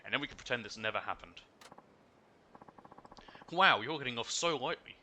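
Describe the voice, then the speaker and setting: A man's voice: medium pitch, expressive, normal speed, pushed and bright, a little hiss or hum, pitched above the performer's own voice, rough recording. A man voicing a smug male con man faking an injury in a crime game, talking in an oily, wheedling way.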